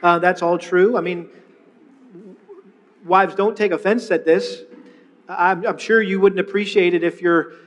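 A middle-aged man preaching a sermon, telling a personal story with lively retellings and frequent restarts. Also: high voice, a little slow, pauses often, big-room sound. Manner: storytelling, animated, with many restarts. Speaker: pastor.

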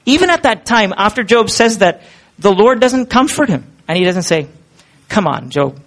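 High-voiced man preaching earnestly. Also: animated, moderate pace, a bit bright. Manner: earnest, conversational preaching with rhetorical questions. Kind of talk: sermon.

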